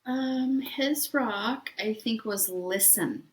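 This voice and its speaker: A woman's voice: on the high side, very slow, noisy background. A woman co-hosting a podcast, chatting casually with rambling enthusiasm. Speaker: podcast co-host. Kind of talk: casual chat recapping reality TV. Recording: echoey room.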